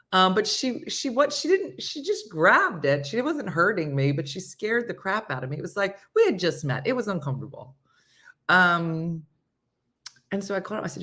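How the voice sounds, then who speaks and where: A woman hosting a morning show, chatting casually and telling a rambling, animated story with acted-out quotes. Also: fairly low pitch, moderate pace.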